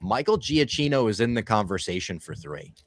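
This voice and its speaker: A man's voice: fairly low pitch, sing-song, a little fast, no echo. A man co-hosting a podcast, talking animatedly through a casual movie review and swearing freely. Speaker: podcast co-host.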